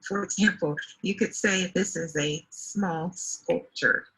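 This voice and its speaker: A woman's voice: fairly low pitch, slow, fairly bright tone, breathy edge, poor audio. A woman teaching a one-to-one online English lesson over a video call, patiently explaining word meanings. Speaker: English tutor.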